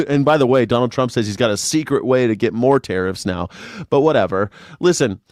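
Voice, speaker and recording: A man's voice: medium pitch, brisk, darkish tone, no room sound, studio quality. Profane ranting male commentator. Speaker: host. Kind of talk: casual political commentary.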